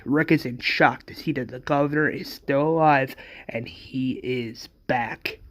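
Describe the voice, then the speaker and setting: Brief: male fan storyteller, slow, halting, full of restarts. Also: mid-range voice. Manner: hesitant, frequent fillers and restarts. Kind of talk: casual retelling of a fan story.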